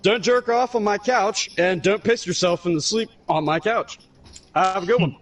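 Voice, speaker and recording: A man voicing his gruff, foul-mouthed dad, blunt and laid-back, swearing freely. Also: high voice, moderate pace, faint music behind, close to an everyday voice.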